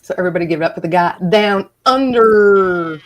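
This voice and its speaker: A woman hosting a casual livestream, chatty and quick to laugh as she thanks her guests. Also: mid-range voice, very noisy. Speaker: livestream host.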